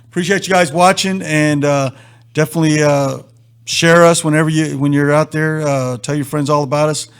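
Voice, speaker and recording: A man's voice: a little high, normal speed, clean tone. A man hosting a live stream, telling a long story and acting out the lines of the people in it. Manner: animated storyteller acting out quotes. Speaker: host.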